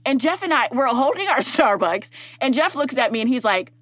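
A woman hosting a podcast, telling stories in animated casual chat, acting out voices and laughing often. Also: sits high, brisk, dry recording. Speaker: podcast host.

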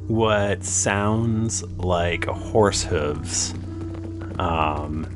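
A man narrating as game master of a tabletop game, calm and halting with many fillers. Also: sits low, over music.

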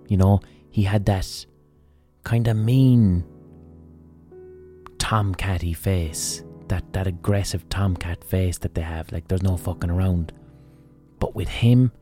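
An Irish man hosting a podcast, telling a story in a casual monologue, swearing freely and acting out quotes. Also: low voice. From Ireland. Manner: swearing, animated retelling with mock quotes. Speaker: podcast host.

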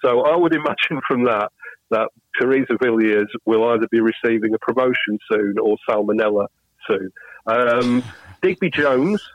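A man's voice: mid-range voice, moderate pace, no room sound, lo-fi sound. British man, rambling political chat. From Britain. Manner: rambling storyteller, many restarts. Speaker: podcast co-host.

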